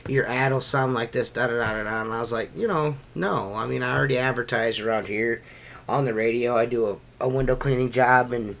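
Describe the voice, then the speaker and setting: A man's voice: mid-range voice, fairly even intonation, a little fast, vocal fry, a bit bright. A man telling stories in a casual podcast chat, swearing freely and ranting about bills. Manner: profane, ranting storyteller. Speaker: podcast host.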